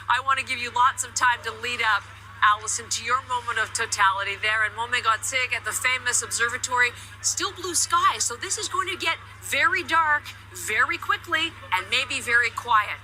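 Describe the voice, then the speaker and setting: Woman anchoring live tv news, very bright voice, emotional and chatty. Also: on the high side, low-quality recording.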